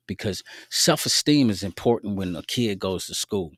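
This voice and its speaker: Laid-back guy hosting a podcast, low voice, slangy faith talk, dry close sound. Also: expressive, normal speed, hardly any pauses, dry recording. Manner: laid-back and slangy, with frequent asides to listeners. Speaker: podcast host. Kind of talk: casual faith-based storytelling.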